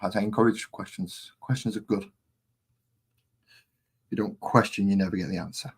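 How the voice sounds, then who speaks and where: Low husky man chatting while painting. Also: fairly even intonation, moderate pace. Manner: rambling, easily distracted, chatty. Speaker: hobby painting streamer. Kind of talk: casual live-stream chat while painting.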